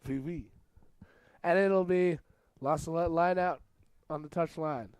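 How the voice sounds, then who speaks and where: A man's voice: fairly high pitch, steady tone, unhurried, clear, resonant tone, dry recording. Jokey young man calling rugby. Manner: jokey, chatty, bursts into shouts at big plays. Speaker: match commentator. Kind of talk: casual play-by-play commentary.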